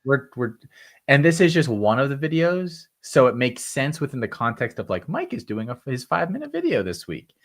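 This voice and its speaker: A man's voice: mid-range voice, sing-song, normal speed. A man co-hosting a sports podcast, talking casually and giving advice, with lots of fillers. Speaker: podcast co-host. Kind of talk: casual chat.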